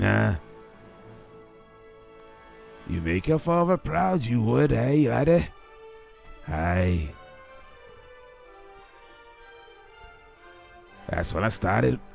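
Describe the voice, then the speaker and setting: A man voicing a boastful medieval warlord in a gruff put-on Scottish accent, calling people laddie. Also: fairly low pitch, a little mellow, exaggerated voice.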